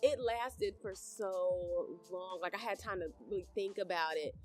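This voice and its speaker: Animated laughing woman podcast co-host. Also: mid-range voice, a little slow, faint music behind. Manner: animated, laughs often, slangy. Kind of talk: casual chat, storytelling.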